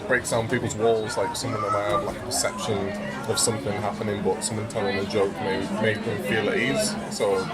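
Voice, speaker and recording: A man answers interview questions earnestly, with some hesitation, in a lowish voice. A loud crowd fills the public space behind him. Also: level tone, brisk, few pauses, loud music behind the voice. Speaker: interviewee, performer.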